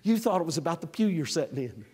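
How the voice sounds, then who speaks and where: A man in his sixties preaching a sermon, swinging from near-shouts to quiet asides. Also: on the high side, big pitch swings, quick pace, slightly rough, in a large hall. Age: 60s. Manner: emphatic, rising to near-shouts then dropping to a conversational aside. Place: church.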